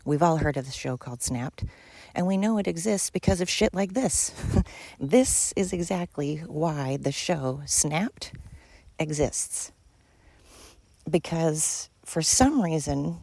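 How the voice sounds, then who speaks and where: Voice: medium pitch, lively intonation, takes it slowly, gravelly, darkish tone, no room sound. A podcast host telling a friend's story in a casual monologue, emphatic and repetitive, swearing freely.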